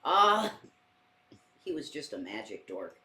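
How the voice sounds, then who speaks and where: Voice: medium pitch, big pitch swings, slow, bright, forceful tone. A co-host in a casual reaction chat, making short, dry remarks. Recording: roomy echo.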